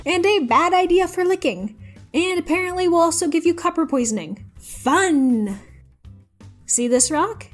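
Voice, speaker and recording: A woman reading out online posts and adding casual commentary, full of wry, playful sarcastic asides. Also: sits high. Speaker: YouTube host.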